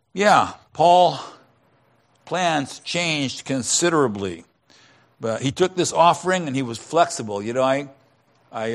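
A man preaching a sermon in a conversational storytelling way, often dropping to a hushed tone to drive a point home. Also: mid-range voice. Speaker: pastor.

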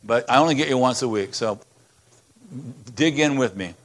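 A man's voice: mid-range voice, moderate pace. A man preaching a sermon as pastor, reading scripture aloud with passion and emphasis.

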